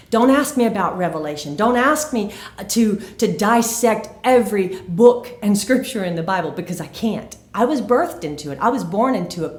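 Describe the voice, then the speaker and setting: A woman's voice: medium pitch, a little mellow. A woman telling a personal faith testimony in an earnest, emphatic way, recorded in an echoey room. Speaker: faith video host.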